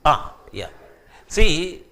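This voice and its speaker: A man's voice: a little high, very slow. A man giving a classroom lecture as a professor, acting out quoted speech as he explains. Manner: animated, acts out quoted speech.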